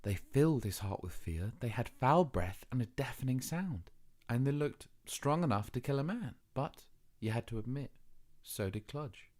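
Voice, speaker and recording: A man reading a children's novel aloud as audiobook narrator, measured and expressive. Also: mid-range voice. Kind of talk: scripted narration.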